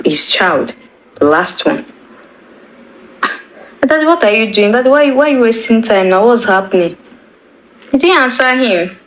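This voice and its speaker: A young woman tells an emotional personal story, halting and often repeating her words. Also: lowish voice, fairly bright tone, poor audio. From Nigeria. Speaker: bereaved daughter.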